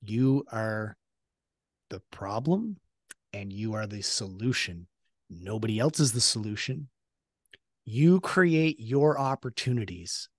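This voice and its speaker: A man's voice: on the low side, expressive, slow pace, pauses often, dry recording, clean studio sound. A man speaking as a podcast guest, earnest and motivational, repeating his key points. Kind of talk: casual interview chat.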